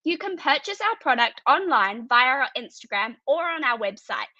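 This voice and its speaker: A teenage girl presents her student business, reading through a rehearsed pitch in a clear, even delivery. Her voice is high and very bright. The sound is dull and completely dry, as heard through a video call. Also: normal speed, no echo. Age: teens.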